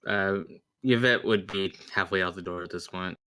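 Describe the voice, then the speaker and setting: A man narrating as game master of a tabletop game, relaxed and full of fillers. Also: deep voice, normal speed, clear, resonant tone, no room sound.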